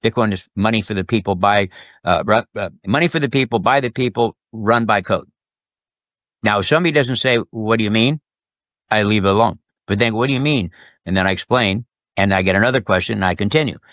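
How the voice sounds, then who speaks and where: A man as an interview guest, telling sales stories in a lively way and acting out the people in them. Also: on the low side, brisk, dry recording, studio quality. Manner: animated, acts out quoted customers and bosses. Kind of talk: casual storytelling interview.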